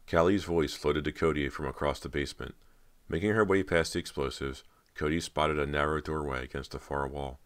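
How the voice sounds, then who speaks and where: A man narrating an audiobook in a steady, measured storytelling voice. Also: extremely low pitch.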